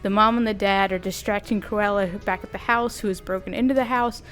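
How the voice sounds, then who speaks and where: Animated woman recapping a cartoon. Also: medium pitch, fairly quick, faint music behind. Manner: animated, amused, often laughing; slangy, conversational. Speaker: video creator. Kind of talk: casual cartoon recap while drawing.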